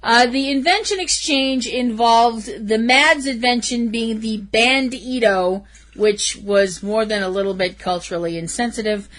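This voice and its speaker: A woman with a fairly high voice co-hosts a casual movie review chat. She rants with emphatic exasperation. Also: measured pace, fairly bright tone. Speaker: podcast co-host.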